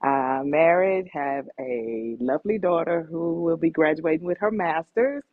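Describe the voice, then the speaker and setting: A woman's voice: low voice, a little slow, no room sound, narrow, tinny audio. A middle-aged woman, a police sergeant, giving plain, matter-of-fact interview answers over a video call.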